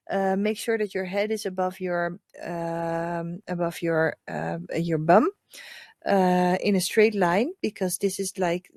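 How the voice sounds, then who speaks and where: A woman with a Dutch accent, a hypnotherapist guiding a group through a calm, slow meditation. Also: no echo, studio quality. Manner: soft, lowered hypnotic voice in the guided part; chatty, warm welcoming with many fillers. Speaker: hypnotherapist leading a group session. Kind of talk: casual chat, then slow guided meditation.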